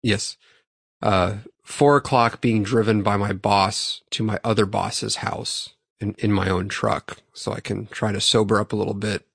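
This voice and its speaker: A man's voice: lowish voice, fairly even intonation, unhurried, gravelly, fairly bright tone, breathy edge, no room sound, studio quality. Profane man telling a story. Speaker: podcast co-host. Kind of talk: casual storytelling among friends.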